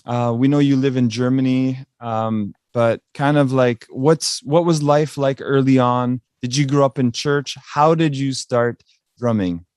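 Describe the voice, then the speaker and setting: A man's voice: mid-range voice, steady tone, measured pace, a little mellow, clear, resonant tone, no room sound, clean studio sound. A man hosting a podcast, upbeat and chatty, with many fillers. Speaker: podcast host. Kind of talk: casual interview conversation.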